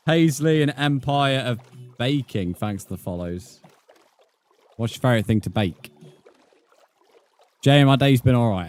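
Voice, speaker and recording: A man's voice: medium pitch, darkish tone, dry recording. A man livestreaming a game, chatting bluntly and swearing as he reads out his chat. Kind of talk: casual live gaming stream chat.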